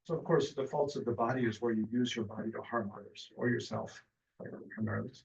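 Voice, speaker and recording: Gravelly guy teaching meditation over a call, lots of ums, sounds far off and muffled. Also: mid-range voice, fast talker. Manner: relaxed, hesitant, many fillers and restarts. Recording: distant, dull lo-fi mic.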